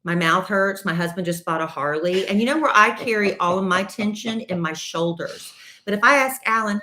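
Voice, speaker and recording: Animated woman, roomy sound. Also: mid-range voice, normal speed. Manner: animated storyteller, teasing. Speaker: podcast co-host. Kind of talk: casual chat. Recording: roomy echo.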